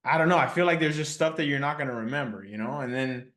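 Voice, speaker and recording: A man's voice: mid-range voice, fast talker, fairly bright tone. A young man hosting a casual podcast interview as a tutor, talking in a laid-back, slangy way that often trails off. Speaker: podcast host, math tutor.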